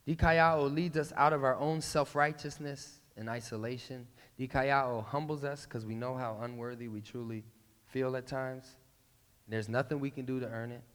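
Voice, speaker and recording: A pastor giving a casual, playful sermon that breaks into emphatic bursts. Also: male voice, mid-range voice, clear, resonant tone. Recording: long reverb in a large hall.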